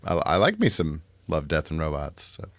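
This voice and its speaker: Man, very low voice, sick, casual podcast chat, dry close sound, easy laugh. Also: huge pitch swings, moderate pace, no room sound. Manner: laughs often, agreeable. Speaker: podcast co-host.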